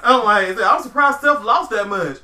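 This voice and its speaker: A man's voice: high voice, brisk, echoey room, far from the mic. A man co-hosting a casual wrestling chat, telling stories animatedly and acting out quotes with laughs. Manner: animated storytelling, acts out quotes, laughs often. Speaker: podcast co-host.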